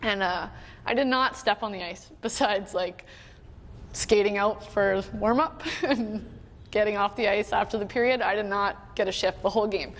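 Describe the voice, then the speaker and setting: A woman's voice: medium pitch, moderate pace. A young adult woman from Canada telling a personal story at a conference, chatty, with many fillers and quoted voices. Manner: chatty, many "like"s, quotes others, emotional at moments. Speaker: conference speaker. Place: conference hall. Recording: long hall reverb, faint room noise.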